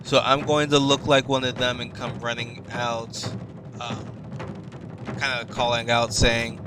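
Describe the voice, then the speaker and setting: A man playing at a tabletop game, calmly describing his character's moves in a matter-of-fact way. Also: medium pitch, unhurried, over music. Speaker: player. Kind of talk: casual chat at a game table.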